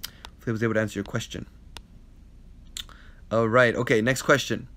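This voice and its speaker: A man's voice: fairly low pitch, fairly even intonation, a little fast, fairly bright tone. A man hosting a casual live-stream Q&A, earnestly answering viewer questions about life and relationships, often repeating himself and checking in with the listener. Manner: earnest and repetitive, checks in with "right?". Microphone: phone live stream.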